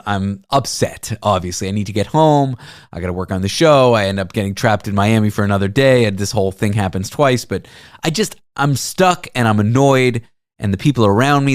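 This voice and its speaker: A man's voice: medium pitch, dry recording, clean studio sound. A man hosting a talk show, telling a travel story in a casual, self-deprecating way. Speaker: radio show host.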